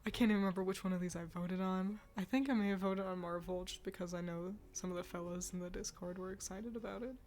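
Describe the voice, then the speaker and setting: A woman's voice: fairly low pitch, steady tone, fast talker, hardly any pauses, a little mellow. Chatty, swearing woman streamer. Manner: chatty, swears, laughs and sighs often. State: stuffy nose, yawning. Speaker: streamer reacting to game awards. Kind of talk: casual live-stream chat.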